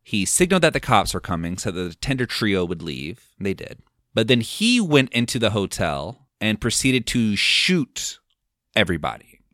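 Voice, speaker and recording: Man, deep low voice, casual film recap, rambling, lots of fillers, dry close sound. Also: big pitch swings, normal speed, a bit bright, no echo. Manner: rambling, filler-heavy retelling with quoted lines. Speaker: podcast host.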